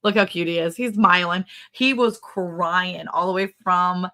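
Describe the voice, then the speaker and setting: A woman's voice: lowish voice, steady tone, a little slow, sharp tone. A middle-aged woman co-hosting a casual livestream chat, talking in a chatty, rambling way and laughing often. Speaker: livestream co-host.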